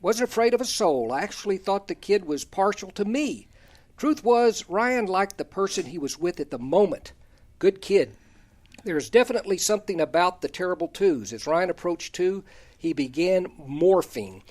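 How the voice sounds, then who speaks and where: A man's voice: high-pitched, lively intonation, moderate pace, a little mellow. An older man hosting a talk show, reading out a folksy, humorous story about kids and chuckling at his own jokes. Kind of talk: reading a personal column aloud, then casual chat.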